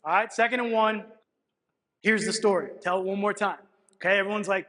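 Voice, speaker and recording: Male clinic speaker, high-pitched, animated storyteller, recorded with long hall reverb. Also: brisk. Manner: animated storytelling, frequent "all right" checks. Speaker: football coach presenting at a clinic. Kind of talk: coaching clinic talk, film breakdown. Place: lecture hall at a coaching clinic.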